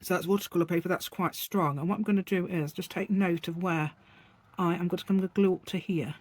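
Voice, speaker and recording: A woman's voice: lowish voice, steady tone, quick pace. A middle-aged woman chatting casually through a craft tutorial at her desk, rambling and laughing often. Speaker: craft channel host.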